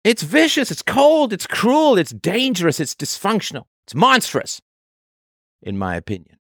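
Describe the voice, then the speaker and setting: Impassioned man with lively pitch. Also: moderate pace, gravelly, no echo, studio quality. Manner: impassioned, emphatic lists. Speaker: advice show host. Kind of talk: call-in advice talk.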